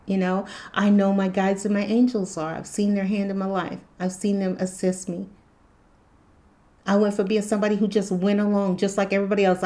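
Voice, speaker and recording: A woman's voice: medium pitch, mellow. A woman talking casually and earnestly about faith and spirituality, rambling and repeating herself as a channel host. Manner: rambling, repetitive, earnest, laughs often. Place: hot room indoors.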